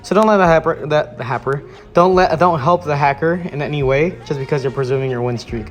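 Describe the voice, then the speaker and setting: A man's voice: a little high, brisk, faint music behind. A man giving an exasperated ranting commentary on viewer comments, swearing often and restarting his sentences. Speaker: YouTube commentator.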